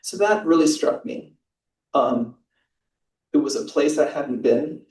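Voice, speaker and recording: Man presenting an award, mellow dark tone, casual asides, echoey hall, distant mic. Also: on the high side, expressive, normal speed. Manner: informal, chatty asides. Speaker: prize judge and presenter. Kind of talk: ceremony speech with a read-aloud excerpt. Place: library event hall.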